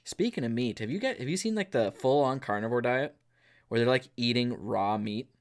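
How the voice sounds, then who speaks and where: A man's voice: mid-range voice, lively intonation, moderate pace. Rambling, jokey male podcast co-host. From northern US. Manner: rambling, jokey, goes off on tangents. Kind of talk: casual chat.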